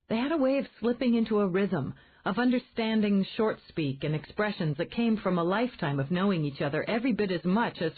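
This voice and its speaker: Woman narrating a romance novel, tinny. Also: lowish voice. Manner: measured storytelling. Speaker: audiobook narrator. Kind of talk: scripted narration. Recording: tinny phone-like band.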